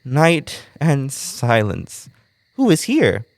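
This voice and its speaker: A man's voice: mid-range voice, huge pitch swings, extremely slow, vocal fry, no echo, exaggerated voice. A man playing impish sprite Puck. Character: mischievous male sprite Puck. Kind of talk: college stage play.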